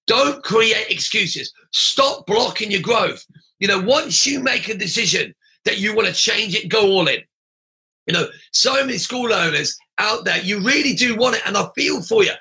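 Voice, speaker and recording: A man's voice: high-pitched, vocal fry, bright, forceful tone. Blunt, emphatic man. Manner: blunt, emphatic, repeats himself, often raises his voice. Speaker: martial arts school business coach. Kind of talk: motivational podcast monologue.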